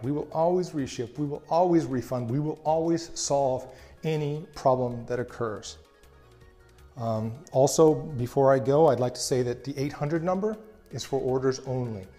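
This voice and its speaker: A man's voice: medium pitch, mellow. A man running a small business, talking casually to customers in a plainspoken, reassuring way, often restarting his sentences. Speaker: small business owner answering customer questions. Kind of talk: casual talk to camera.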